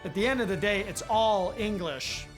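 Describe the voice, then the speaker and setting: A man in a relaxed interview, explaining how the film was made. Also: high voice, moderate pace, music in the background. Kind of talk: behind-the-scenes interview.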